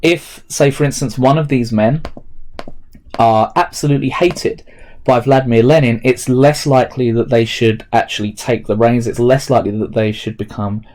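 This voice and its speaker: A male teacher talks students through a remote lesson, explaining each step aloud as he types notes. His voice is mellow and relaxed, sitting at an ordinary middle pitch. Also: normal speed. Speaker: history teacher. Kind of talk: recorded remote lesson walkthrough.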